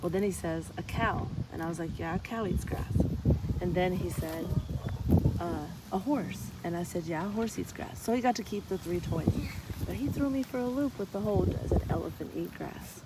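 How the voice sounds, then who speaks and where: Woman, chatty storyteller, casual vlog, outdoors, loud background noise. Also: on the low side, moderate pace. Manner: chatty, storytelling, talks to animals. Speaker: chiropractor vlogger. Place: outdoors on a ranch and in a car.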